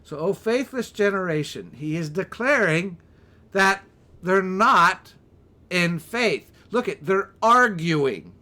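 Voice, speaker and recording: A man preaching a Bible teaching sermon on a livestream, animated, with asides and rhetorical questions. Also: sits high, slow pace. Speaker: pastor.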